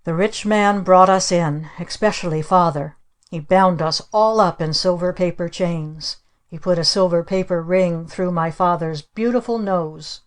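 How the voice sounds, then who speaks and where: A woman narrating an audiobook of children's stories in an even, dry storytelling manner. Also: on the low side, measured pace. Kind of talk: scripted narration.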